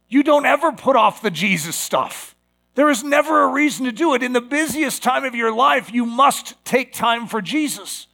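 A middle-aged man preaching a sermon, animated and given to acting out voices with sudden loud outbursts. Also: extremely high pitch, normal speed, gravelly. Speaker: pastor.

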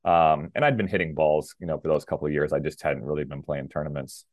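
A middle-aged man from Minnesota with a very deep, low voice tells the story of his tennis career as an interview guest. He talks in an easy, rambling way, full of fillers and restarts. The recording is dry and close, with no room sound. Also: steady tone, fast, dry recording. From Minnesota, USA. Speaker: guest, former pro tennis player. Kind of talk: casual interview talk.

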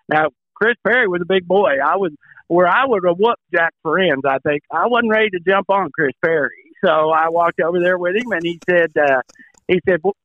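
An older man and former tour pro, a show regular, telling a folksy, animated story in casual chat. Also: on the high side, fairly quick, no echo. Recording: tinny phone line.

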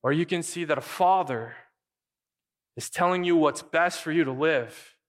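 A man preaching a sermon as pastor, animated and acting out quick imagined dialogue. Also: fairly high pitch, big-room sound.

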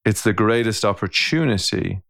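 A man co-hosting a podcast, talking in a relaxed, reflective way and telling a story, often restarting his sentences. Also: on the low side, normal speed, gravelly, no echo, clean studio sound. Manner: thoughtful, storytelling, frequent restarts. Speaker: podcast co-host. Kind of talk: casual reflective conversation.

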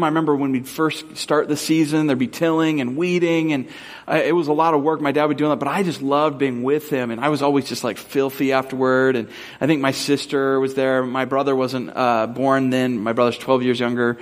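A male pastor from Southern California delivers a sermon with a voice pitched neither high nor low. He tells stories in a relaxed, rambling way, full of fillers. When he asks his questions, he slows down and becomes earnest.

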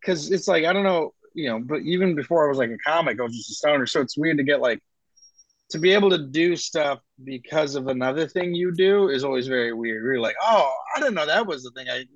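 A man with a somewhat high voice rambling through casual stories as a podcast guest, acting out the people in them. The sound is dry and close. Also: expressive, fairly quick, no room sound, lo-fi sound. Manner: rambling anecdotes with acted-out quotes. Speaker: comedian guest.

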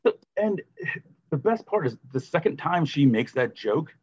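A man's voice: a little high, very animated, measured pace, a little mellow, slightly rough, dull audio. A man co-hosting a casual movie review podcast, sarcastic and prone to acting out quotes. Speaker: podcast co-host.

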